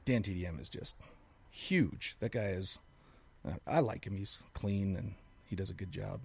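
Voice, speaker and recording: A man and father co-hosting a podcast, telling jokes and animated stories in casual chat. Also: low voice, moderate pace, creaky, breathy edge. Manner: joking, animated storyteller.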